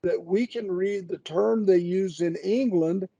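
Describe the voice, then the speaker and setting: An older man answering a question in a webinar, slow and halting with many drawn-out hesitations, on a video call. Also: high voice, gravelly, warm tone, no echo, dull audio. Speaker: guest expert answering questions.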